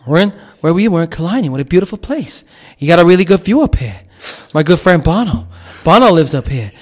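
A man's voice: on the high side, very animated, fast talker. A man doing a comic impression of a swaggering middle-aged Irish rock star with an Irish accent, rambling and swearing. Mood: boastful.

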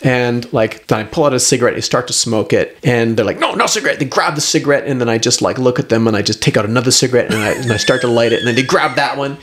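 A middle-aged man, a guest on the show, telling a personal story in an animated, rambling way full of fillers. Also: medium pitch, fast talker, hardly any pauses. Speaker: guest, herbalist. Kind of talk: storytelling in conversation.

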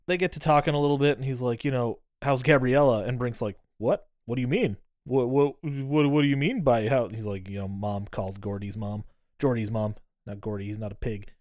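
A man in casual podcast talk, retelling a film and slipping into the characters' lines with a laugh. His voice sits at an ordinary middle pitch. The sound is dry and close, with no room behind it. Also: a little fast, few pauses, a little mellow, no echo. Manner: retells scenes acting out lines, laughs often, swears. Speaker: podcast co-host. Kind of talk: casual movie recap chat.

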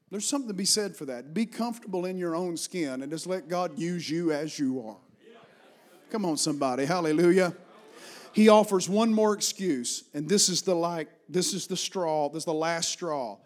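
High-voiced Appalachian preacher. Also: male voice, lively intonation, normal speed. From Virginia, Appalachian Mountains. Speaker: pastor. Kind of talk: Pentecostal sermon.

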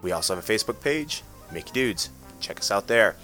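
A man's voice: fairly low pitch, animated, brisk, sharp tone, soft background music. A man hosting a casual podcast, chatty and full of restarts as he wraps up the show. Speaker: podcast host.

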